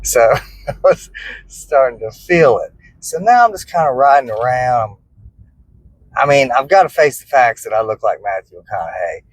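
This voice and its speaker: A man's voice: mid-range voice, animated, moderate pace, low-quality recording. A man hosting his barbecue cooking channel, chatting casually and joking at his own expense while riding in a car. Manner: easygoing, joking, self-deprecating. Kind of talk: casual vlog chat. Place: inside a car.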